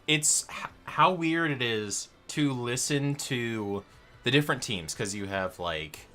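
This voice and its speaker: A man's voice: mid-range voice, animated, takes it slowly, bright, forceful tone, soft background music. A man hosting a trivia night stream, casual and chatty, with showy announcer-style intros and rambling asides. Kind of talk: casual livestream banter. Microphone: headset.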